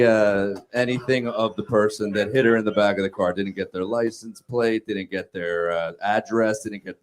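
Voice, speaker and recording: A man's voice: fairly low pitch, fairly even intonation, normal speed, few pauses, background noise. A man telling a story in casual chat, blunt and swearing often.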